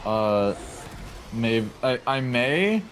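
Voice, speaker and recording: A man's voice: mid-range voice, big pitch swings, very slow, background noise. A man chatting late at night while gaming with friends, playful, joking and giggly.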